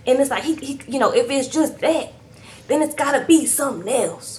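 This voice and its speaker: A woman recapping a reality show in a chatty, sassy way, tagging her sentences with "okay?". Her voice sits a little high, and faint noise hums in the background. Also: lively intonation, moderate pace, a little mellow. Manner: talks to viewers as "girl". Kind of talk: casual recap chat.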